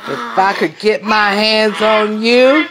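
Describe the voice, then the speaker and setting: Woman, playful cooing at a baby, slow and sing-song, noisy home recording. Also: mid-range voice, steady tone. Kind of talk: casual home video.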